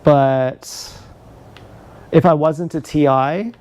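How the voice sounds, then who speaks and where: A man's voice: mid-range voice, very slow, creaky, darkish tone, clear, resonant tone. A man ranting angrily and profanely on a live stream, filmed with an action camera. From Canada. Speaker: livestreamer.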